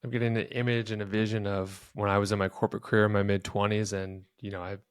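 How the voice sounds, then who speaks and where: A man's voice: on the low side, level tone, fast talker, clean tone, no room sound, clean studio sound. A man co-hosting a podcast, telling a personal story in an earnest, reflective way. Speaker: podcast co-host. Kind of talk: casual podcast conversation.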